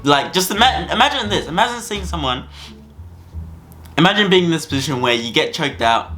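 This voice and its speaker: A man's voice: on the high side, animated, brisk, pushed and bright, faint music behind. A young man telling a school story to camera in a rambling, casual way, full of fillers and repeats. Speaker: vlogger.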